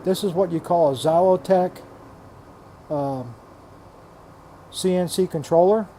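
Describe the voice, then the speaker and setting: Older male hobby vlogger, blunt and fed up, mellow tone, faint room noise. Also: sits high, slow. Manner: exasperated, blunt, swears freely; repeats himself, restarts phrases. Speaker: reef aquarium hobbyist vlogger. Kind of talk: frustrated casual rant.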